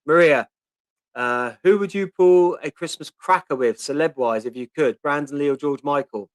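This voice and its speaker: A Portsmouth (Pompey) man in his fifties hosts a casual live-stream Q&A, chatting with viewers and reading their questions and comments aloud with lots of ums. His voice is medium-pitched and the recording has no echo.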